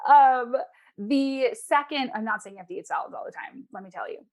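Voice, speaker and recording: As a guest in a relaxed interview, an emotional eating coach offers advice, animatedly imitating the voices of her clients. Her voice is high and a little fast.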